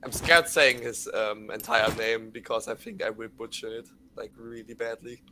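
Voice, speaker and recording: A man's voice: fairly low pitch, level tone, normal speed, few pauses, sharp tone, slight background noise. Hesitant man with a German accent. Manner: hesitant, self-deprecating, frequent ums. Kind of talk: casual chat.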